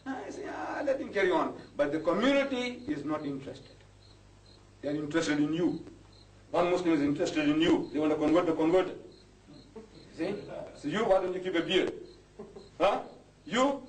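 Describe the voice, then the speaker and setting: A man's voice: on the high side, normal speed, pauses often. An older man, lecturing an audience as a Muslim preacher, impassioned and rising to indignant outbursts. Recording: echoey hall, distant mic, faint noise.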